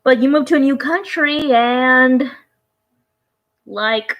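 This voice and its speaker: A woman's voice: high-pitched, takes it slowly, a bit bright, low-quality recording. A woman vlogger giving casual reaction commentary, rambling and conversational, often trailing off and restarting her thoughts.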